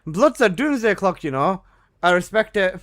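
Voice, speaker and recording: A man streaming a game live, chatting casually with loose, excitable gamer slang. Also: high-pitched, normal speed.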